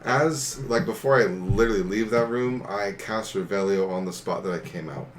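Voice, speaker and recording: A man taking part as a player in a tabletop game, relaxed and describing his character's actions. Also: fairly low pitch, normal speed, a little hiss or hum.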